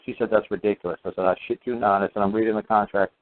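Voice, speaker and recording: Man, casual storytelling, rambling with lots of fillers, low voice, phone-line sound. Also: steady tone, very fast, slight background noise. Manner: rambling, many fillers and restarts.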